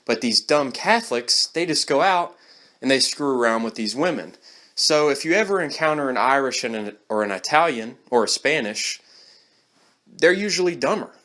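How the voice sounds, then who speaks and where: A man's voice: medium pitch, lively intonation, normal speed, sharp tone. A man giving a blunt, scornful opinion monologue straight to the camera. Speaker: vlogger.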